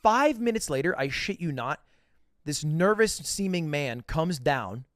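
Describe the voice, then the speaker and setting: A man's voice: fairly high pitch, expressive, unhurried, no room sound, clean studio sound. A man telling a casual, profane, self-mocking story as a podcast host.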